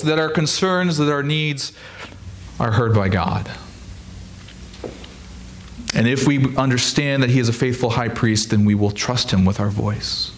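Pastor, male, earnest steady sermon delivery, slightly higher voice. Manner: earnest, steady preaching with emphatic repetition.

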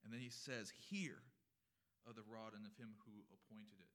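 A man's voice: lowish voice, flat delivery, a little fast, fairly bright tone. A man preaching a sermon in a church, earnest and emphatic, building up and then dropping back. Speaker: pastor. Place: church sanctuary.

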